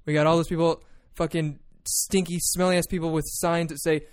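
Young man, podcast co-host, casual joking banter, swears, voice a bit high, dry close mic. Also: little pitch movement, brisk, clear, resonant tone, no echo. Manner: joking, swearing, laughs often. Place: small room at home. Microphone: desk podcast mic.

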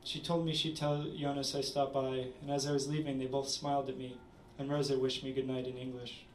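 A man reading his own short story aloud at a literary event, measured with small stumbles. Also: mid-range voice, flat delivery, a little hiss or hum. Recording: roomy, distant audience recording.

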